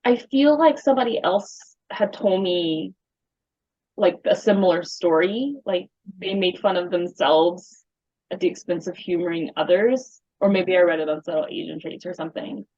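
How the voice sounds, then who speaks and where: Lowish woman host on a dull lo-fi mic. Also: moderate pace, a little mellow. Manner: chatty, encouraging, frequent backchannels. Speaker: podcast host. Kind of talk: casual conversation. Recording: dull lo-fi recording.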